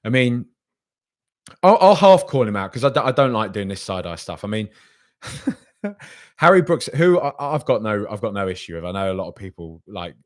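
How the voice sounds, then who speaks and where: A man's voice: fairly low pitch, sing-song, normal speed, pauses often. A man hosting a casual podcast stream. He reads out viewer comments and rambles with hesitations, then argues back in an exasperated way. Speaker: podcast host.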